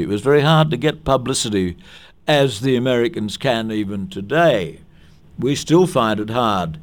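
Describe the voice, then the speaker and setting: Older Australian male actor, interview reminiscence, mid-pitched, chatty storyteller. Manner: anecdotal and chatty, with restarts and quotes acted out in other voices.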